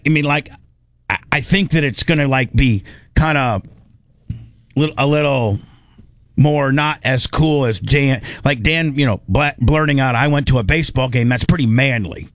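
A male radio host who rambles and teases, often turning the joke on himself. His voice sits at an ordinary pitch and is recorded dry and close in the studio, with no room sound. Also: measured pace, long pauses, fairly bright tone, no echo. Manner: rambling, teasing and self-mocking. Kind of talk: casual radio chat.

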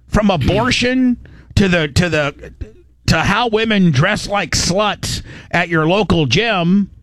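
A man's voice: sits high, fairly bright tone, no room sound, clean studio sound. Rambling, blunt male podcast host. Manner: rambling, with many restarts and repeated words; blunt and crude. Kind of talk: casual commentary.

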